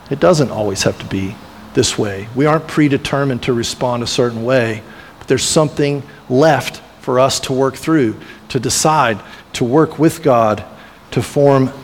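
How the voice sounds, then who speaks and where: A man preaching a sermon as pastor, retelling a biblical story in a storytelling way and briefly acting out the voices of the people in it. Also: medium pitch. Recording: long reverb of a large hall.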